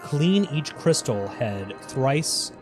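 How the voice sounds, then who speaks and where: A broken, corrupted creature mumbling cryptic fragments in a low, halting voice, as a man reads it out. It sounds quieter and lower than his usual talk. Game music plays clearly behind it. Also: sing-song. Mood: mournful cryptic.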